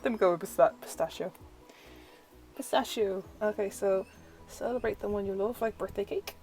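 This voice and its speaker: Talking fast in a mid-range, slightly mellow voice, this young tarot reader excitedly explores a new oracle deck, peppering everything with "like" and delighting in each card. Soft music plays under poor-quality audio.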